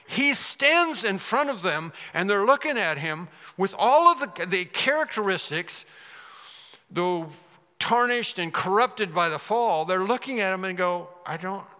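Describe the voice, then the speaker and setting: A man's voice: sits high, sharp tone. A man preaching a sermon, speaking emphatically and repeating phrases for effect. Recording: long hall reverb.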